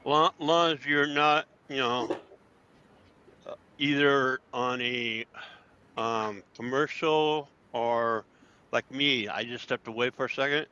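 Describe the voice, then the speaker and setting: A man's voice: medium pitch, slow, pushed and bright, clear, resonant tone. A man co-hosting a casual podcast, rambling and trailing off with lots of ums. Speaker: podcast co-host. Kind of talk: casual chat. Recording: dull lo-fi sound.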